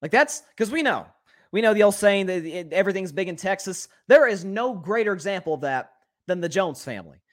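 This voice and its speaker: A man with a high-pitched voice hosts a solo sports podcast, talking fairly quickly. His commentary is animated and opinionated, and he often repeats words while working through his thoughts.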